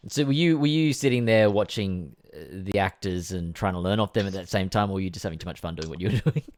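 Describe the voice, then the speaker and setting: A man hosting a casual interview over a video call from home, playful and quick to laugh as he asks questions. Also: low voice, a little mellow. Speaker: host. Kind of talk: casual chat.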